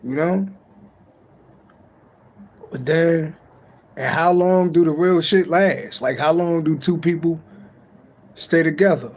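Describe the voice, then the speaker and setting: A man's voice: on the high side, slow, pauses often. A man giving a late-night tarot reading on a livestream, talking in a loose, profane, rambling and joking way. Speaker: tarot reader on a live stream. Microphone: livestream mic.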